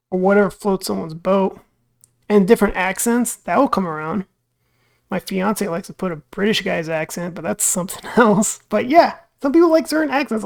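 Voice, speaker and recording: Creaky-voiced man musing casually. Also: sits high. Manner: rambling and musing, with many fillers and acted-out quotes. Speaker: reaction video host. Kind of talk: casual reaction commentary.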